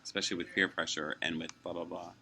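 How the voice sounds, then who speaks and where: Low, bright-toned man in his forties, rambling. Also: level tone, fast talker. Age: 40s. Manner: rambling, chuckles often, acts out quoted exchanges. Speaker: vlogger. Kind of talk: casual musing to camera. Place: fast-food restaurant.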